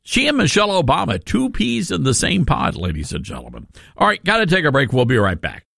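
Animated gravelly talk radio host, man. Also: on the high side, fairly quick, very noisy. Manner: animated, sarcastic. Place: radio studio.

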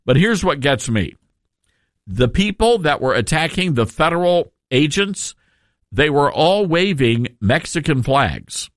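A man's voice: on the high side, sing-song, unhurried, no room sound, clean studio sound. A male radio host giving a sarcastic, emphatic talk radio monologue, with frequent asides to his listeners.

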